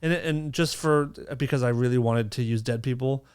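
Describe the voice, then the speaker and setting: A woman's voice: very deep voice, normal speed, darkish tone, clean tone. A woman hosting a podcast in loose casual chat, teasing and swearing freely. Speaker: podcast host.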